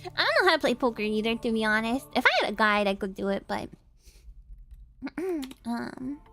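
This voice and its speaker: Young woman, game streamer, giggly, high lively voice, faint music behind. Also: normal speed. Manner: giggly and chatty, laughs often. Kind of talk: casual game commentary and dialogue reading.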